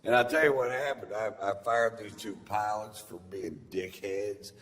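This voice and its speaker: A middle-aged man, doing a stand-up set with drawling, deadpan storytelling and crude punchlines. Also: fairly low pitch, moderate pace. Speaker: stand-up comedian. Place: large theater stage with audience laughter. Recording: live hall recording with long reverb and audience noise.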